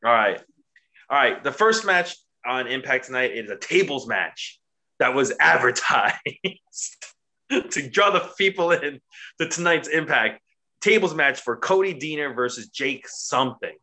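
A man co-hosting a casual wrestling chat, profane and mocking, recapping a show and doing quick impressions. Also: mid-range voice, expressive, sharp tone. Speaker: wrestling podcast co-host.

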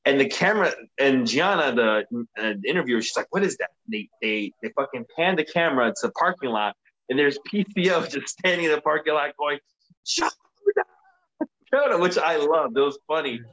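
A man's voice: a little high, brisk, a bit bright, muffled recording. Casual man recapping with profane energy. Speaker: podcast co-host. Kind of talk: casual wrestling recap chat.

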